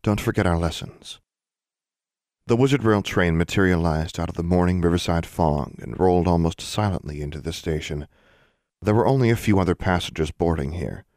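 A man narrating a fantasy novel for a podcast in a steady, even reading style. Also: low voice, no echo, studio quality. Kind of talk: scripted narration.

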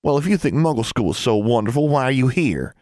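A haughty, snooty teenage schoolgirl, as a male narrator puts her on in a storybook reading. Her voice sits well above his own and sounds a touch louder. Close, dry sound. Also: mid-range voice, animated, quick pace, dry recording, pitched above the performer's own voice, lightly acted.

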